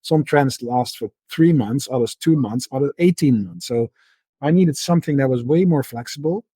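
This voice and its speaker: Husky man telling a story with restarts. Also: medium pitch, moderate pace, dry recording. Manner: repeats words and restarts often, relaxed storytelling. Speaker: podcast guest, market analyst. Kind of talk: conversational interview.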